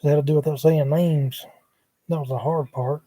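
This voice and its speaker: Man, drawling livestream ramble, dark mellow tone, fairly high voice, dry close laptop mic. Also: fairly even intonation, moderate pace, no echo. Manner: drawling, wandering, muttering asides. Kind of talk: rambling casual livestream chat. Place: at home, sprawled on a couch. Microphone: laptop microphone.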